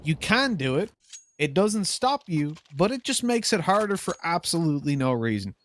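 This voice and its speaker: A man's voice: a little high, sing-song, normal speed, fairly bright tone. A man doing color commentary as an esports co-caster, rambling through silly analogies.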